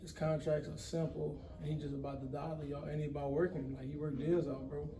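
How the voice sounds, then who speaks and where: A man's voice: a little high, fairly quick, reverberant, background noise. Slangy young man telling wild stories. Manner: animated storyteller, slangy, says "bro" often. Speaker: event promoter, guest. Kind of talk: casual interview chat.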